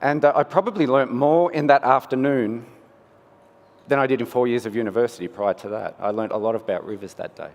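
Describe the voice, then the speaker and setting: A male scientist, telling a first-person story in a relaxed, conversational way during a conference talk. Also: medium pitch, brisk. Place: conference hall. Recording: long hall reverb.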